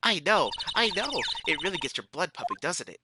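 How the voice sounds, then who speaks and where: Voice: mid-range voice, very animated, brisk, very noisy, lightly acted. Cheerful teen girl sidekick, chirpy and teasing; streamer doing the voice. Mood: excited. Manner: chirpy and playful. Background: loud game music.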